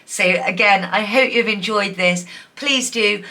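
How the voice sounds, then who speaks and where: A woman's voice: mid-range voice, unhurried. Giggly, chatty woman tarot reader. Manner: chatty, giggly, warm and encouraging, many fillers. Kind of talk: pick-a-card tarot reading to camera.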